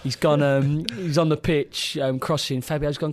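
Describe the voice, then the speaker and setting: Here the podcast co-host, once a footballer, speaks at a normal pace with a fairly high pitch, barely pausing as he tells stories in relaxed conversation. Lively throughout, he laughs and performs the quotes he repeats.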